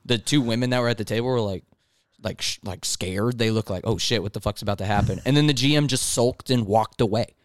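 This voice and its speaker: A man's voice: on the low side, brisk, no room sound, clean studio sound. A young man in casual chat, telling work stories with profanity and quoted voices.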